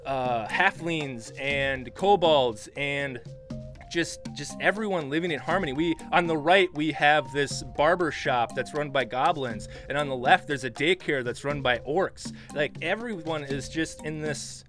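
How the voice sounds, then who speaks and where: A man narrating a tabletop game as dungeon master, in a lively, casual way. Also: on the high side, measured pace, faint music behind.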